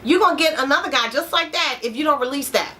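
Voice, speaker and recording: A woman's voice: high voice, fast, sharp tone, slight background noise. Frank, emphatic woman coach. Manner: frank, emphatic, repeats key phrases. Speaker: therapist and life coach. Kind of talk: motivational talk to program members.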